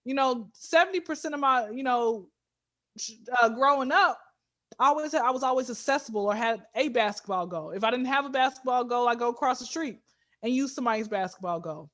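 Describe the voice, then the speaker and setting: High-voiced woman comedian. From Georgia, USA. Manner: animated, jokey, quick bursts of loud emphasis. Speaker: comedian guest. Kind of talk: casual comedic storytelling.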